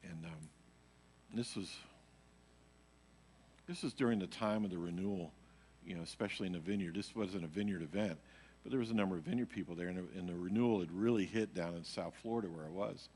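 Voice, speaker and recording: Man, worship leader, low register, casual rambling testimony, live in a reverberant church hall. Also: brisk, long pauses, darkish tone, a little hiss or hum. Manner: rambling storytelling, heavy on fillers. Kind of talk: casual personal testimony to a congregation. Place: church sanctuary.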